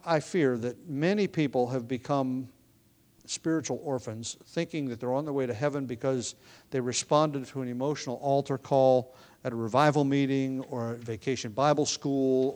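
Male preacher, mid-range voice, measured expository sermon delivery. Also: mid-range voice, darkish tone. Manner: measured teaching delivery with occasional restarts.

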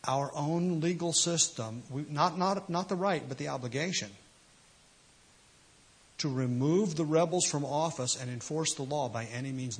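A man's voice: fairly high pitch, slightly rough. A man preaching a sermon, emphatic and full of rhetorical questions. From United States. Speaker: pastor.

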